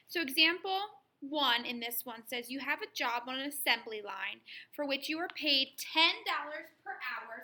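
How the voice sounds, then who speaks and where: A woman walks through a math lesson step by step, patient and methodical. Her voice sits high and sounds very bright. The room around her gives an echoey ring. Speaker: math teacher. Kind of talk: recorded classroom lesson.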